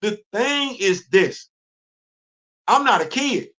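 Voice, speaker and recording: Middle-aged male host, high-pitched, lively and repetitive delivery, casual livestream talk. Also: slow pace. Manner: animated, repeats himself, self-questioning asides. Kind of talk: casual solo livestream chat. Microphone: livestream studio setup.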